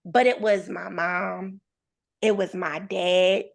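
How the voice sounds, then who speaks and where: A woman's voice: fairly low pitch, slow, creaky. A woman in her thirties, a podcast guest, telling a personal story in casual conversation and acting out the voices of the people in it. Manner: animated storyteller, acts out quoted voices.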